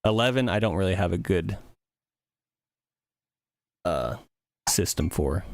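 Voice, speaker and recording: Low-voiced rambling male streamer. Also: a little slow, no echo. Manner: rambling, relaxed, thinks aloud with many fillers. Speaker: music streamer. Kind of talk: casual livestream chat.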